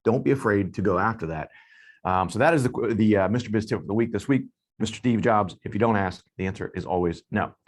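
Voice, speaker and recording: A man hosting a talk show, speaking casually with relaxed fillers and restarts. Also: lowish voice, fast talker, a little hiss or hum. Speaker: show host.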